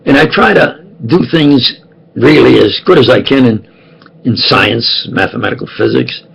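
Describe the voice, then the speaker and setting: A man's voice: medium pitch, moderate pace, creaky, fairly bright tone, breathy edge, rough recording. An older man telling rambling, jokey personal stories and often asking if you understand. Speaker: self-styled preacher.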